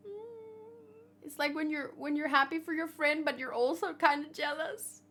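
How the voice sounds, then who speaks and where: A woman hosting a manga read-along, giving chatty and excitable commentary and swearing casually. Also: high voice, moderate pace.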